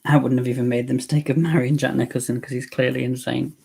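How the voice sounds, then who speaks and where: A man hosting a live movie watch-along, talking in an animated, campy way and laughing a lot. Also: mid-range voice, quick pace, vocal fry, slightly rough. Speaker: host.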